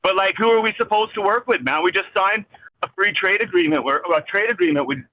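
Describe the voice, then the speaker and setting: A man's voice: high voice, quick pace, sharp tone. A man on a phone call from his vehicle, ranting in an agitated, rambling, swearing way with many restarts. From Canada. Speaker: caller. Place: in a vehicle driving.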